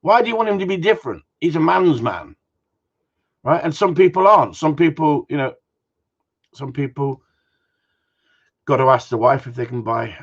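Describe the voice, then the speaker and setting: A man's voice: fairly high pitch, normal speed, long pauses, breathy edge, muffled recording. A man who trains dogs, hosting a live Q&A and answering viewers' comments in a blunt, jokey way, swearing freely as he goes.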